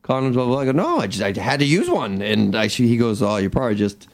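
A man's voice: medium pitch, big pitch swings, fast talker, creaky. A man in casual radio chat, blunt and rambling as he tells a story. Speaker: radio show co-host.

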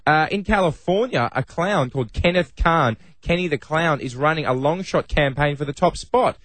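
A man co-hosts a radio comedy chat, telling little anecdotes with a chuckle. His voice sits a touch high. The sound is dry and close. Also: moderate pace, a bit bright, no echo. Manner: storytelling, chuckling asides. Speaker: radio co-host. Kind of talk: casual comedic radio banter.

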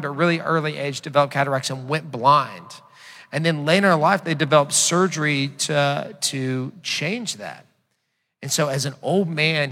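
A man's voice: a little high, bright, forceful tone. A man preaching a sermon as a pastor, retelling a story conversationally with frequent restarts. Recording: long hall reverb.

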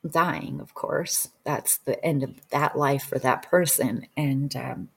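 Woman, low husky voice, casual earnest storyteller who sinks to a whisper. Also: slow pace. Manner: earnest and emotional, often dropping to a soft whisper. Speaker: guest recounting a regression session.

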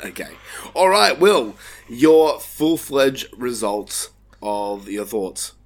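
Give me an Australian man hosting a relaxed film review, loose and profane. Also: mid-range voice, very slow. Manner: laid-back, swears freely, frequent restarts. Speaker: podcast host. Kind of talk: casual film review chat.

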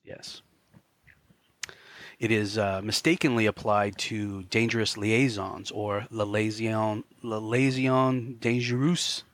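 In a lowish, fairly even voice with a fairly bright tone, a male podcast co-host talks slowly through a film, loose and rambling, explaining as he goes and dropping in many "you know" fillers. The recording is dry.

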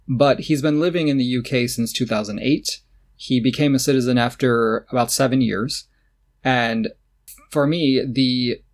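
Sarcastic, opinionated male podcast host. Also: medium pitch. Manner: opinionated and sarcastic, laughs often. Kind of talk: casual chat about tennis.

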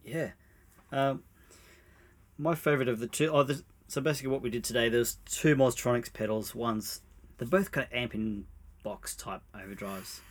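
A man co-hosting a podcast in relaxed casual chat, dropping dry quips. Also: medium pitch, moderate pace. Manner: laid-back, dry quips, laughs easily. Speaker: podcast co-host.

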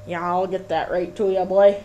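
A woman voicing a gruff male bartender with a Minnesota accent in a homemade radio sketch. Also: lowish voice, flat delivery, normal speed, warm tone, lo-fi sound, slight background noise, voice pushed down, lightly acted.

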